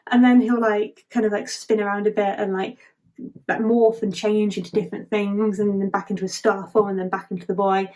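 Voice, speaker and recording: A woman's voice: mid-range voice, fairly even intonation, a little fast, darkish tone. A woman vlogger chatting casually as she retells a film plot, giggling and leaning on the filler "like".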